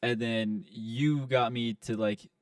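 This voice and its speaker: A man's voice: mid-range voice, fairly even intonation, slow pace, no room sound, far from the mic. A young man co-hosting a podcast, telling a rambling, profane story in casual chat. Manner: rambling, profane, quotes friends in put-on voices. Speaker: podcast co-host.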